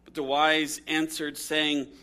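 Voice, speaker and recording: A man preaching a sermon, telling stories and reading scripture with big swings of pitch and loudness. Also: monotone, slow. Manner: storytelling with dramatic swings in pitch and volume. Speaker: pastor.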